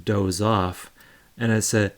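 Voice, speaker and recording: A man's voice: fairly low pitch, little pitch movement, slow pace. A young man hosting a live stream, telling a loose, rambling story in casual chat with many fillers.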